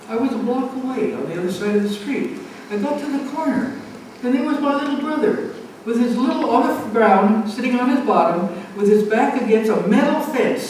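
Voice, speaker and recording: At a family event in a community center, a woman in her nineties shares a personal story, voicing the people in it and laughing along the way. Her voice is slightly high and somewhat mellow. The hall echoes, the mic sits far away, and a faint hum runs underneath.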